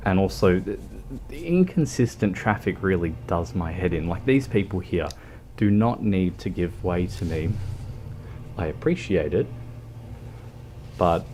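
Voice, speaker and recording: Australian male streamer, deep voice, unhurried, halting casual chat. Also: a little mellow, slight background noise. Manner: hesitant, many ums and restarts. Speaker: livestreamer. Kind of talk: casual chat while gaming.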